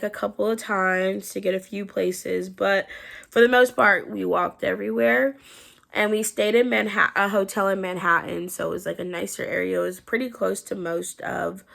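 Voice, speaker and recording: A woman's voice: mid-range voice, gravelly, a bit bright. A woman in her twenties giving a casual, candid story-time recap as a vlogger, her throat sore and strained. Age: 20s. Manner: chatty and candid, trailing into tired asides.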